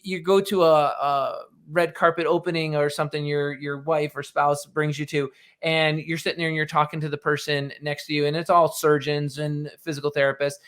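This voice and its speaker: Man, middle-aged, podcast host, slightly high voice, animated, conversational advice. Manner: animated, acts out little dialogues.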